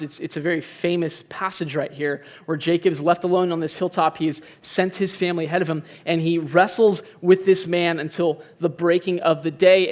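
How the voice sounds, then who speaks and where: A young man with a high voice delivers a sermon. He talks in a relaxed, conversational way. He speaks earnestly and confesses his own fears. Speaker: pastor.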